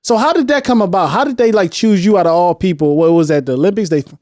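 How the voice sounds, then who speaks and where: High voiced podcast host guy, hyped and laughing a lot, dry close sound. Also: quick pace, no echo. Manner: excitable, laughs often, hypes guests. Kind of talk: casual podcast chat.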